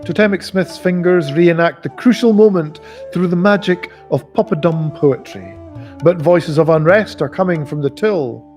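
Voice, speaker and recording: A man reading a novel aloud in a live reading, expressive and giving the characters voices. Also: on the high side, moderate pace, faint music behind. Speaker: audiobook reader.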